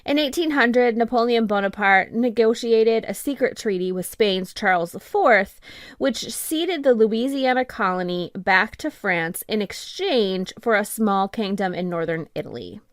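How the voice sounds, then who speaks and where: A woman co-hosting a history podcast, reading scripted narration in a steady way with dry asides. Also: medium pitch, dry recording. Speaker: podcast co-host.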